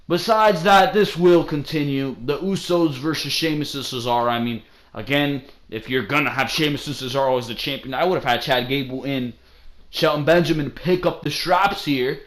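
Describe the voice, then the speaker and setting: A man's voice: medium pitch, animated, normal speed, a bit bright. A young man hosting a solo wrestling review show, talking in a blunt, profane, ranting way. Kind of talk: casual solo review commentary.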